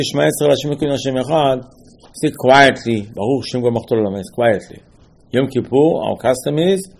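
A man's voice: medium pitch, creaky, darkish tone. A man gives an informal religious lesson as a rabbi. He talks emphatically, repeating key phrases and throwing out rhetorical questions. His English grammar is a little broken. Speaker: rabbi teaching a Torah class.

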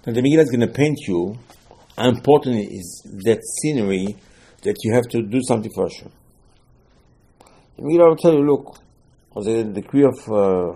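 A man's voice: mid-range voice, mellow, breathy edge. Man giving an emphatic Torah lecture. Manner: emphatic, repetitive, asks and answers his own questions, broken English phrasing. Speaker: rabbi teaching Torah.

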